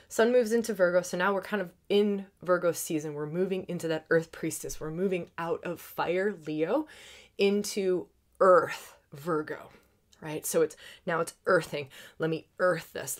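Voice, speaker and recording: A woman hosting an astrology forecast, talking fast and excitedly, laughing often and dropping into soft whispers. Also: deep voice. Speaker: astrologer and podcast host.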